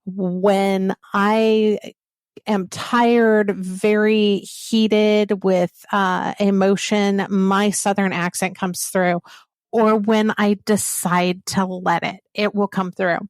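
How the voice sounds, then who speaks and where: A woman's voice: mid-range voice, flat delivery, drawn-out words, no room sound, studio quality. A woman from the American South, a podcaster speaking bluntly in a roundtable discussion. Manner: blunt, profane, unbothered.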